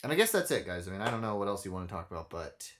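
Rapid-fire and on the low side, a young man's voice carries a profane, blunt and animated story on the casual podcast he co-hosts.

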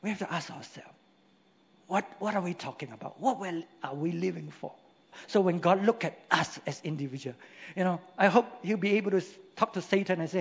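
A man's voice: sits high, brisk, fairly bright tone. A man preaching a sermon in a church, emphatic and full of rhetorical questions. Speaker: pastor. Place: church hall. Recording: long hall reverb, dull lo-fi sound.

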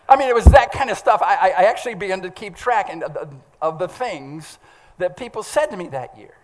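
Man preaching in church; lively and stammering, keeps quizzing the congregation. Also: high-pitched, a little fast, hardly any pauses, a little hiss or hum. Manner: animated, stammering restarts; asks the congregation questions. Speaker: pastor. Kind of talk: sermon.

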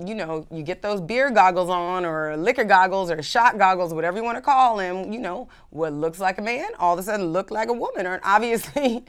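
A woman from California hosting a radio talk show as a sex educator, telling stories in an animated, chatty way. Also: fairly high pitch. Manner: animated, chatty storytelling with laughs.

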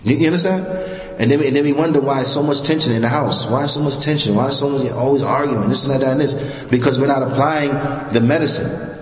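A man with a New York accent gives a religious lecture, his voice sitting a little high for a man. He talks in a loose, conversational way, repeating his points and putting questions to the audience. The recording is roomy, with a long reverb trailing after his words. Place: mosque hall. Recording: echoey hall with long reverb.

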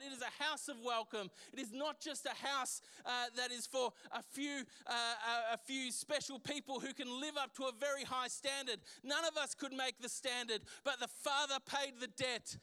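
A man's voice: very high voice, sharp tone, clean tone. A man preaching a sermon as pastor, emphatic and full of restarts and repeated words.

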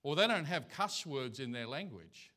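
A man's voice: medium pitch, expressive, normal speed, sharp tone. A male pastor giving a conversational sermon in church, telling folksy stories and anecdotes.

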